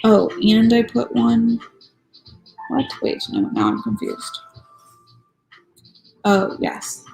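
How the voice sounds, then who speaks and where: Slow-talking woman streamer with a gravelly voice. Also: fairly high pitch, very animated, low-quality recording. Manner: chatty, self-deprecating, playfully grumbling. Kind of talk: casual commentary while building a model. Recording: soft music playing behind.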